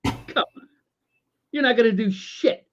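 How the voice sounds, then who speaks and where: A man's voice: very high voice, a little slow. A man co-hosting a casual talk show, ranting with lots of stammering restarts, swearing and sarcasm. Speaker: podcast co-host. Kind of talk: casual political rant. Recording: dull lo-fi audio.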